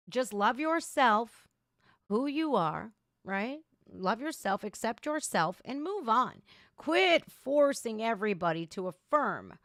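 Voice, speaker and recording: A woman hosting a casual livestream, talking bluntly and sarcastically in an animated rant. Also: mid-range voice, no echo, clean studio sound. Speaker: livestream reaction host. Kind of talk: casual opinionated livestream talk.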